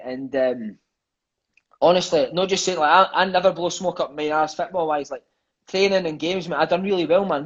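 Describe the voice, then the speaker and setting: A Scottish man telling stories as an interview guest over a phone on a live video call. He swears freely and says "mate" constantly. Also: on the high side. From Scotland. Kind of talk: storytelling in casual chat. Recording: dull lo-fi phone audio.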